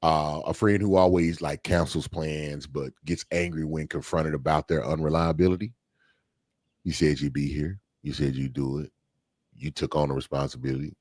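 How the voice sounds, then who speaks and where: A man's voice: rumbling low, flat delivery, moderate pace, a little mellow, dry recording, clean studio sound. A man co-hosting a podcast, talking things through in a casual, thoughtful way with fillers and restarts. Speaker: podcast co-host. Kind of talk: casual discussion.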